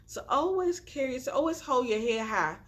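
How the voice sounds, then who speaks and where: A young adult woman with a high, expressive voice speaks fairly quickly while vlogging from her floor at home. Her phone is on a tripod with a ring light, and she casually encourages viewers in a chatty, preachy, inspirational style, saying "y'all" all the time.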